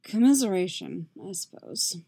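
A woman's voice: mid-range voice, very animated, moderate pace, gravelly, mellow, breathy edge, heavily acted. Woman voicing a rueful tipsy male bard. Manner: dry, rueful, slurs slightly from drink. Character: wry tipsy male bard, self-mocking.

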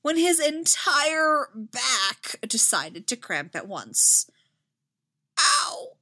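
A woman's voice: on the high side, sing-song, unhurried, a bit bright, voice pushed up. A woman voicing an injured young male warrior with strained, clipped lines in an audiobook reading.

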